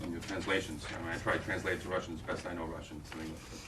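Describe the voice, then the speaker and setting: A man with a low, level voice talks rapid-fire against a noisy background. He is directing an audition and explains a scene to an actress, rambling, restarting often, and acting out lines. The recording is roomy, with the mic at a distance.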